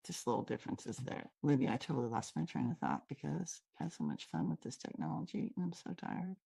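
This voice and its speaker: A low-pitched woman with a Pacific Northwest American accent talks through a lesson in a chatty, upbeat way, drifting off on side stories. Her tone is warm and mellow. The sound is close and dry, recorded on a computer mic. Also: lively intonation, brisk, creaky, husky, dry recording. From Washington State, USA. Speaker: host and trainer. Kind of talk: casual teaching talk, recorded online.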